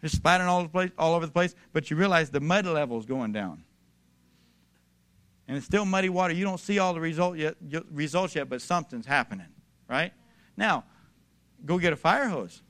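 A man's voice: on the high side, lively intonation, brisk, pauses often, a bit bright. A man preaching a sermon, emphatic and building to raised declarations, addressing his congregation directly. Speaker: pastor.

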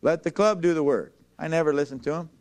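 Man, preacher delivering a sermon; high, smooth voice, emphatic, draws the congregation in with questions. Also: darkish tone. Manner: emphatic, asks the congregation to repeat lines, slows for scripture. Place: church before a congregation.

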